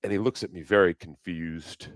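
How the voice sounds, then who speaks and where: A man's voice: deep voice, steady tone, moderate pace, no room sound. A man hosting a casual live stream, rambling and swearing freely, often breaking into laughter. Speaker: livestream host.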